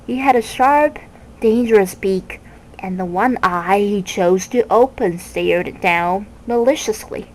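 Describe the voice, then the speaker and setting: A woman reads a children's novel aloud at an unhurried, deliberate pace, pausing over phrases and now and then restarting a word. Her voice sits at a middle pitch. A faint hiss of background noise lies underneath. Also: low-quality recording. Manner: slow, measured reading with small restarts. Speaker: reader.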